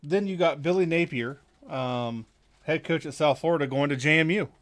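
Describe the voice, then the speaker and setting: A man's voice: a little high, normal speed. A young man hosting a casual college football podcast, going through coaching moves with many fillers and some swearing. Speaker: podcast host. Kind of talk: casual chat.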